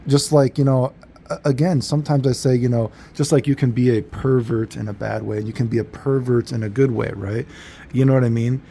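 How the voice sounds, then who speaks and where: A man's voice: mid-range voice, fairly even intonation, brisk, creaky, dark tone, slight background noise. A man telling a story in a casual, rambling monologue, laid-back and full of fillers and self-corrections. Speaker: vlogger.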